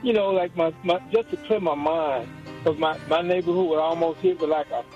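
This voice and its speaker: An older man from Georgia phones in to a radio show, talking earnestly and rambling through restarts. His voice sits a little high. The line sounds muffled and lo-fi, with faint music behind him. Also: fairly even intonation, fairly quick, a little mellow. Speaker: caller. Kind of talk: call-in radio talk.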